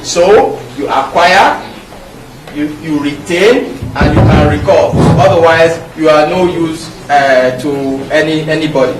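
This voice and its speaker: A man's voice: a little high, a little slow, music in the background. A middle-aged man with a Nigerian English accent, giving an emphatic, anecdote-filled medical lecture. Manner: emphatic, repetitive, anecdotal teaching. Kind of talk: public lecture. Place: lecture hall. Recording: echoey hall, mic from far off, faint background noise.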